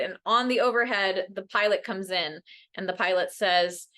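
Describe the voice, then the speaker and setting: Woman educator at a parent workshop; bright, earnest, animates quotes. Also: fairly quick. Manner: earnest, often ends points with "right?"; acts out quoted voices with big pitch jumps. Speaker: mental health educator. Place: workshop room.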